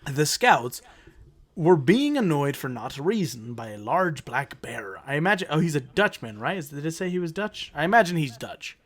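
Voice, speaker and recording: A man with a fairly high voice and lively pitch, reading odd old accounts aloud on a casual podcast. He trips over hard words and curses with a laugh. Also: normal speed. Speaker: podcast host.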